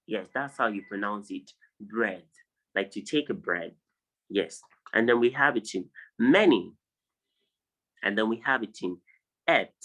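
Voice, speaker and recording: Slow, insistent male English tutor. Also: medium pitch, bright, forceful tone, rough recording. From Nigeria. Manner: drills words, repeating them slowly for students; corrective, insistent on right pronunciation. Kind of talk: online phonology lesson. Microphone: video call.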